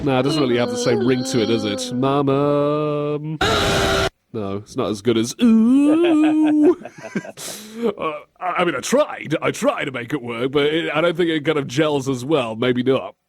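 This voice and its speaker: Crowd noise surrounds a radio co-host speaking fairly quickly in a mid-range voice from the studio desk. Chatting casually on air, he's animated and giggly, laughing while acting out quotes.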